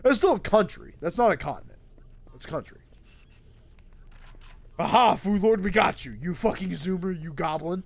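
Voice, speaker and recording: A man's voice: high voice, normal speed, creaky, pauses often, no room sound. A young man streaming a game, rambling and swearing freely in casual chat with a friend. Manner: rambling, excitable, swears a lot.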